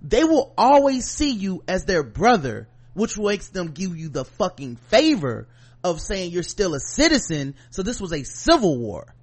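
A man co-hosting a podcast, ranting in casual chat, profane and animated, with mocking asides. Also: high-pitched, normal speed, husky. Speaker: podcast co-host.

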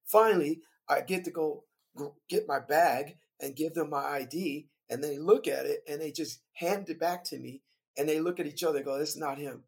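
A man who plays in a band, telling a story from the road as a guest on a podcast, lively and laughing as he recounts it. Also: a little high, normal speed, gravelly. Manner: animated, vivid retelling with laughter. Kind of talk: casual storytelling.

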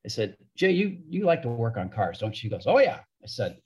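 A man's voice: lowish voice, sing-song, fairly quick, a little mellow, breathy edge. A middle-aged man, a hockey broadcaster, telling anecdotes in a podcast interview and acting out the people he quotes. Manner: chatty anecdotal storyteller, acts out quoted voices.

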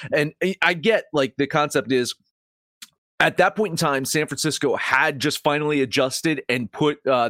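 A man's voice: medium pitch, fairly bright tone, dry recording, clean studio sound. A man co-hosting a sports podcast, ranting with heavy swearing and sarcasm. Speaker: podcast co-host. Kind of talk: casual sports talk.

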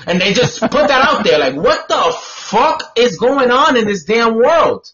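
Ranting, high-voiced man, lo-fi radio. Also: big pitch swings, unhurried, a bit bright. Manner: ranting, profane, exasperated. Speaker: co-host. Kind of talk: casual radio talk show banter. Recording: dull lo-fi online radio audio.

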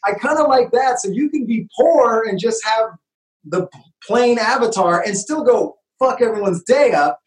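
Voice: medium pitch, lively intonation, moderate pace. A parent talks casually in a mid-range voice, using many filler words and laughing along with the others. The recording picks up a roomy echo. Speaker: podcast co-host. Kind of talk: casual chat.

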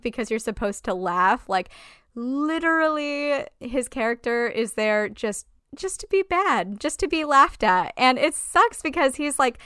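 Woman co-host with a high, smooth voice, blunt and sweary, in a dry booth. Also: fairly bright tone, no room sound. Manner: blunt and profane, lots of fillers. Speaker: podcast co-host. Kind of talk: casual chat.

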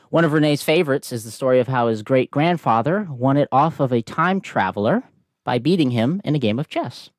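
A man's voice: medium pitch, no echo. Man, tabletop player, joking banter, dry close sound. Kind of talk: casual chat.

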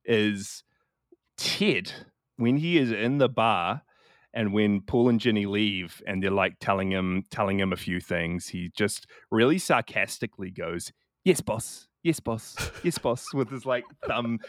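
A man co-hosting a casual film chat, relaxed and rambling, laughing along as he talks. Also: lowish voice, measured pace, no room sound, clean studio sound. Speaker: podcast co-host.

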